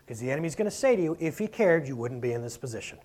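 A man preaching a conversational sermon, asking rhetorical questions and swinging between loud and quiet. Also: mid-range voice, sing-song, rapid-fire. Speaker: pastor.

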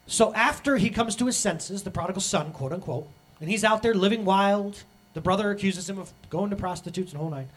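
Guy preaching, pretty high husky voice, big swoopy delivery, acts out voices. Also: fairly quick. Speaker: pastor. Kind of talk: sermon.

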